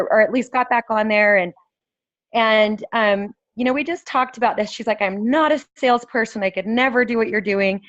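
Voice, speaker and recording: A woman sharing earnestly on a group call from her phone, her voice hoarse from yelling. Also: a little high, dry recording. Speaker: team member on a group call. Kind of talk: casual sharing on a video call. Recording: dull lo-fi phone audio.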